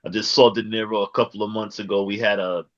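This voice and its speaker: A man's voice: fairly low pitch, flat delivery, quick pace, dull audio. A man interviewing a guest in a casual chat, rambling and searching for words.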